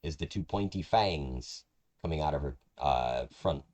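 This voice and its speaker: A man's voice: a bass voice, lively intonation, unhurried, a little mellow. A man narrating as game master of a tabletop game, loose and full of fillers.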